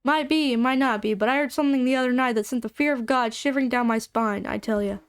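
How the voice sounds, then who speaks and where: A woman's voice: on the high side, fast talker, smooth, dry recording, lightly acted. A woman putting on a drawling Southern old-timer miner. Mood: gruff. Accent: put-on Southern. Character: gruff old male miner, a folksy old-timer.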